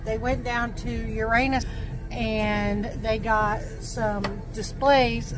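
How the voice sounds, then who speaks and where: A woman talking casually as a vlogger, chatty and unhurried with many fillers. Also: on the high side. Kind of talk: casual vlog narration. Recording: loud music under the voice.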